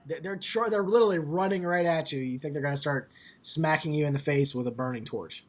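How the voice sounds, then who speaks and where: A man's voice: a little high, a little fast, fairly bright tone, dull audio. A man narrating as game master in a tabletop game, loose and chatty with fillers.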